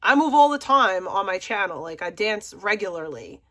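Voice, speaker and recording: A woman's voice: medium pitch, very animated, normal speed, a bit bright. A woman streamer mocking a caller in casual livestream chat, laughing and using sassy slang.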